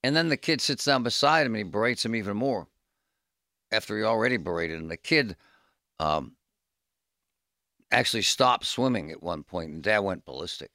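A middle-aged man co-hosting a radio talk show, telling stories in an animated, ranting way. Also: on the low side, normal speed, long pauses, dry recording, clean studio sound. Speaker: radio co-host. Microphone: studio microphone.

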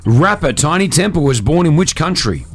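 A man's voice: on the high side, sing-song. Upbeat radio host man, jokey. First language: Arabic. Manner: upbeat, jokey, quick quiz patter. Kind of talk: radio show banter and quiz hosting.

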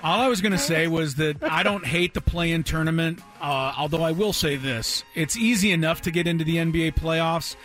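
A man's voice: a little high, normal speed, hardly any pauses, a bit bright, faint music behind. A man on a sports debate panel giving firm, dryly opinionated takes on the games.

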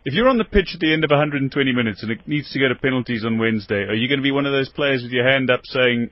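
A man's voice: medium pitch, racing, few pauses. A man hosting a radio sports show, asking long questions with small repeats. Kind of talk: radio sports interview and news. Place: radio studio. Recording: dull, dry radio studio sound.

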